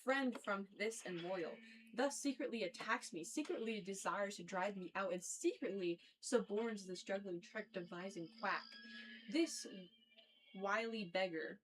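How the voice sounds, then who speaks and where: A woman's voice: medium pitch, unhurried, slight background noise, lightly acted, poor audio. Woman reading a proud, angry ancient king. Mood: accusing. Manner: reads flatly, stumbling over old wording. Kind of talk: casual read-aloud of a play.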